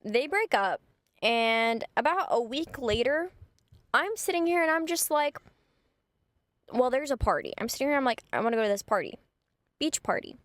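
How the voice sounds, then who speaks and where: Young woman vlogger, casual storytime, slightly high voice, chatty delivery, dry close sound. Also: a bit bright, dry recording. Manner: chatty, gossipy, full of "like".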